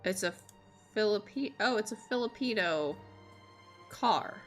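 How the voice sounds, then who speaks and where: A woman's voice: medium pitch, lively intonation, measured pace, soft background music. A young American woman streaming a game, reading its text aloud with dramatic flair and chatting casually, swearing and laughing along the way.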